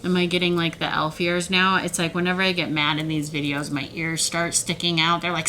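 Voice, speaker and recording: A woman talking straight to the camera about manipulation in a heated, animated way, sometimes mocking the voices of others. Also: lowish voice, fairly quick, few pauses, a little hiss or hum, poor audio. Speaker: self-help video creator. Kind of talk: emotional direct-to-camera talk.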